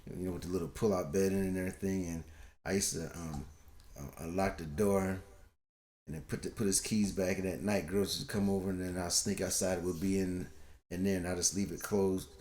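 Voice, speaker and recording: Middle-aged man, podcast co-host, loose rambling storyteller, lower voice, echoey room. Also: fairly even intonation, brisk, a little mellow. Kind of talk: casual storytelling chat. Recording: roomy echo.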